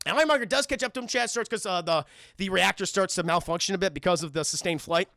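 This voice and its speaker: Male streamer, high gravelly voice, bright tone, dry close mic; animated, profane film recap with lots of fillers. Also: no echo. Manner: animated, swears often, acts out lines in quick bursts; many fillers and restarts. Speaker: film reviewer streaming live. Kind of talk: casual scene-by-scene film recap to live chat. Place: home streaming setup.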